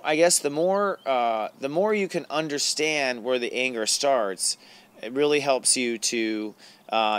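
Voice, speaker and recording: A middle-aged man with a smooth, mid-range, fairly bright voice hosts an astrology show. He talks casually and confessionally to the camera about spiritual matters, with lots of fillers and laughter.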